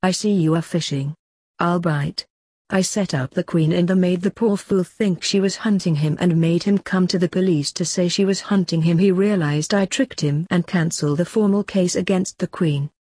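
A cunning female vampire from a storybook, as a woman reads her lays out her schemes in a matter-of-fact way. The voice is lowish and husky. The sound is close and dry. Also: normal speed, dark tone, no room sound.

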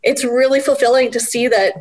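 A woman in her forties, a guest chatting casually, animated and self-deprecating with bursts of laughter. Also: a little high, fairly quick. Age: 40s. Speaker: guest, book project editor. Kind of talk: casual interview chat.

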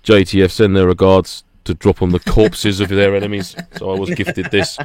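A man's voice: low-pitched, little pitch movement, moderate pace, a little mellow. A man co-hosting a podcast, ranting with laughter in a casual chat. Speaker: podcast co-host.

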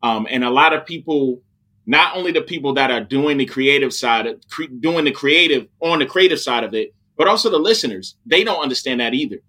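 A man with a bright, forward voice talks in a relaxed podcast chat about his music work. He is animated and keeps checking in with "you know what I'm saying". His pitch sits in a middle range. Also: fairly quick. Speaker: rapper and music licensing artist. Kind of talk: casual podcast conversation.

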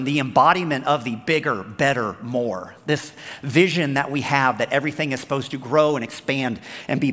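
A man preaching a sermon as pastor, talking in an animated, conversational way and telling stories. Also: medium pitch, long reverb tail. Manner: animated, conversational, storytelling, acts out the characters.

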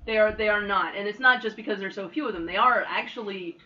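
A woman chatting on a podcast, lively and quick to laugh. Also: mid-range voice, far from the mic. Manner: chatty, laughs often, animated. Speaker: podcast co-host. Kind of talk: casual group chat. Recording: dull lo-fi sound.

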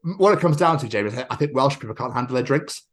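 A man, co-hosting a podcast in casual chat, excitable and sweary, acting out quotes. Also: medium pitch, rapid-fire. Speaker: podcast co-host.

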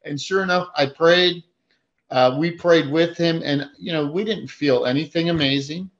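A man's voice: fairly high pitch, normal speed, lo-fi sound. A man who preaches, telling a story in a casual faith chat, acting out his own thoughts with many fillers.

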